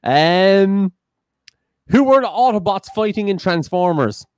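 A man's voice: sits high, animated, unhurried, a little mellow, clean tone, dry recording. A man co-hosting a live-streamed quiz, reading questions and options aloud in a playful way. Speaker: quiz co-host.

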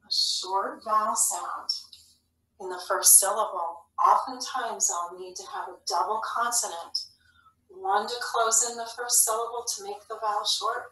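A woman teaching a phonics lesson to young children, speaking clearly and patiently. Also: medium pitch, sharp tone, a little hiss or hum. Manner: slow, clear, patient instructional delivery. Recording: echoey room, mic at a distance.

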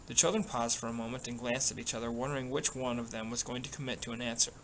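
Steady male storybook reader. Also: mid-range voice, fast, a little hiss or hum, low-quality recording. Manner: steady, with small slips and restarts. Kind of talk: reading a novel aloud.

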